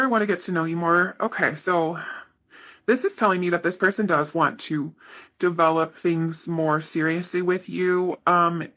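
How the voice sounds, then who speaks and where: A man's voice: high-pitched, pushed and bright. A man giving a casual tarot reading, talking in a rambling, self-correcting way with lots of fillers. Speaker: tarot reader.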